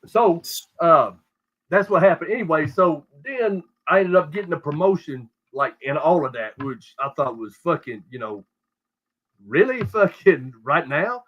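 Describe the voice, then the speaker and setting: A man's voice: a little high, big pitch swings, unhurried. Profane Texan man spinning a yarn. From South Texas. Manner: profane, rambling, many restarts. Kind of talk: casual storytelling on a podcast. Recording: dull lo-fi audio.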